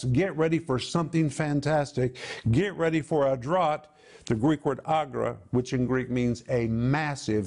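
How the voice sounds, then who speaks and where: A man's voice: on the high side, expressive, a little slow, darkish tone. A man giving an emphatic televised Bible teaching, stretching out key words and explaining Greek word meanings.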